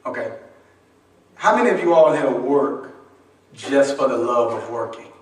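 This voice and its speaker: A man's voice: medium pitch, animated, unhurried. A male pastor preaching in a church. He uses a folksy, humorous, call-and-response style and often asks the congregation to finish his lines. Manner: folksy, humorous, conversational delivery. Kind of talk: sermon. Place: church sanctuary. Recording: echoey church from a distant mic.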